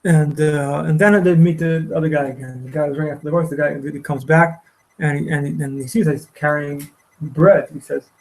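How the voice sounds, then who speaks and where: A man teaching a class, retelling a story in a halting way with many repeated words and restarts. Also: a little high, steady tone, darkish tone, poor audio. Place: study hall.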